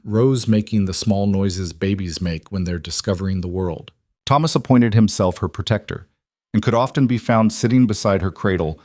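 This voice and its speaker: Sex: man. Role: narrator. Style: scripted storybook narration. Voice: low and somewhat deep, close and dry, with no room sound. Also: darkish tone, dry recording.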